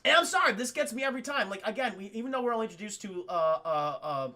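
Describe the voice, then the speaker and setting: A young man streaming, retelling a film to his chat in a loose, animated way and swearing often. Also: high voice, racing. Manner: animated, profane, addresses chat. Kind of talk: casual livestream movie retelling.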